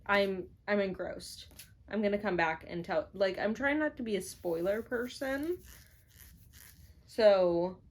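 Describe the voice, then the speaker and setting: A woman's voice: medium pitch, slow pace. A woman vlogging from her home office in a rambling, casual chat full of fillers, playful and self-mocking. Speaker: book vlogger.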